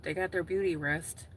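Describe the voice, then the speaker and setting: Slow, gravelly-voiced woman chatting from her car. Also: sits low, a bit bright, a little hiss or hum. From Wisconsin, USA. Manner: blunt, swears freely, talks to her chat and laughs often. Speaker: gig-work streamer. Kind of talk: casual livestream chat while driving.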